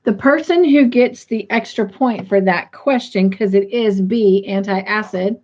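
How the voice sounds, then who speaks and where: A woman's voice: on the high side, unhurried, a little mellow. A woman hosting a casual livestream, reading viewer comments aloud and leading a short prayer. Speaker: livestream host. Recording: dull lo-fi stream audio.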